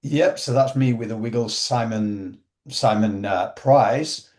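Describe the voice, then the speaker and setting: A man's voice: on the low side, slow pace, darkish tone, echoey room. A man with a Yorkshire accent hosting a podcast in a casual, chatty way, often calling his guest "mate". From Yorkshire, England. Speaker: podcast host. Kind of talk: casual interview chat.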